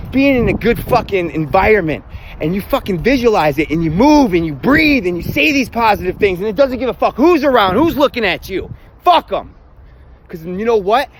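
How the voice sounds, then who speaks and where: A man's voice: sits high, slight background noise. Blunt, foul-mouthed motivational man. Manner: blunt, heavy swearing, emphatic. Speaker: self-help vlogger. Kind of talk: profane motivational rant.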